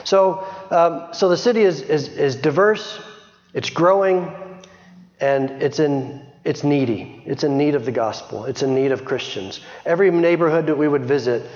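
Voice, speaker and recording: A man's voice: fairly high pitch, moderate pace, a little mellow. A middle-aged man giving an informal missionary report to a church, chatty, with frequent restarts. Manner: chatty, many restarts and small laughs. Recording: dull sound, long hall reverb.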